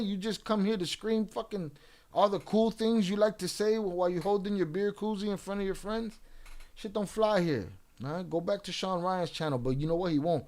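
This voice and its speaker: Livestream host, male, high-pitched, profane and taunting, rants straight at his chat. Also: a little mellow. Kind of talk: livestream rant addressing chat.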